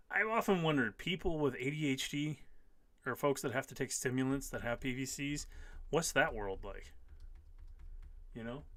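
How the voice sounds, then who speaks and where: Emphatic man in his fifties, bright voice. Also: mid-range voice, no echo. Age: 50s. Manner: emphatic, repeats key phrases. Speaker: live stream host. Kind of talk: casual live stream, reading out viewer comments.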